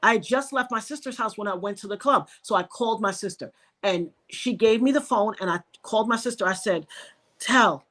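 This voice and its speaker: A woman from New York, a podcast guest, telling an emotional personal story and acting out the voices of the people in it. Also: fairly quick. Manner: animated, reenacts dialogue with sharp pitch jumps.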